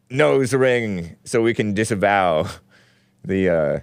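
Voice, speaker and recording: A man's voice: lowish voice, animated, slow, gravelly, smooth, dry recording, studio quality. Rambling sarcastic male talk host. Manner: rambling, sarcastic, stumbles over names; reads news aloud with running commentary. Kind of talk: casual call-in talk show.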